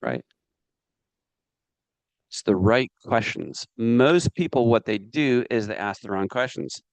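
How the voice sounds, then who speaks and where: Gravelly energetic male seminar trainer. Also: medium pitch, takes it slowly, no room sound. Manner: energetic, coaxing audience participation. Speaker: business trainer.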